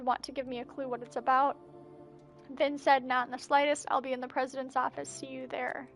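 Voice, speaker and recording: This gameplay streamer reads the game's texts aloud as she plays, narrating messages and journal entries between breathless asides. She has a high, slightly bright voice.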